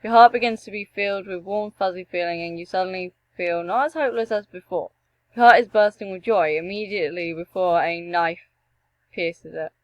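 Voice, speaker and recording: A young woman reading a text adventure game aloud and breaking off for joking, animated asides and the odd swear. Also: on the low side, fairly quick, no echo, poor audio. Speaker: gameplay streamer.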